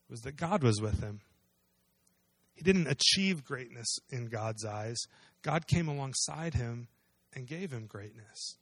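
A man's voice: a little high, a bit bright, dry recording. Man preaching a conversational sermon. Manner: conversational preaching, asks the listeners questions. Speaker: pastor.

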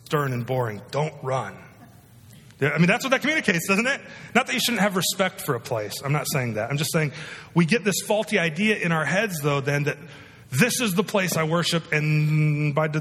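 A man's voice: a little high, very animated, a little fast, a bit bright. A male pastor preaching a sermon in a conversational way, often asking his listeners questions. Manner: conversational, asks the audience rhetorical questions. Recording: long reverb of a large hall.

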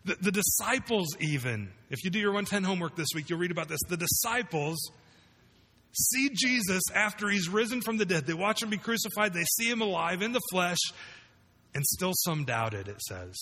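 A man's voice: high voice, lively intonation, normal speed, pushed and bright, long reverb tail. A man preaching a sermon to a room of listeners, conversational and full of rhetorical questions. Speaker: pastor. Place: large room with congregation.

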